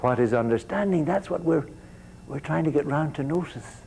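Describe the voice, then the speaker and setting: A man's voice: fairly high pitch, lively intonation, normal speed, creaky, darkish tone, slight background noise, rough recording. A man giving a university lecture, often repeating his words as he restarts sentences and putting questions to the students.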